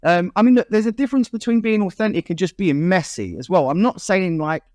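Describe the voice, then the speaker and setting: MC guest, quick and frank, bright-ish voice, dry close sound. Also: male voice, high voice, no room sound. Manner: animated, chatty and frank. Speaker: podcast guest, MC and vocalist. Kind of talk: casual chat.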